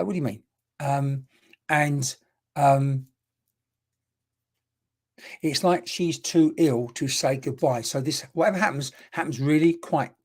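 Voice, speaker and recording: A woman's voice: low-pitched, darkish tone, husky. A woman working as a spiritual medium, giving a live-streamed reading in a chatty, repetitive way and greeting viewers by name with endearments.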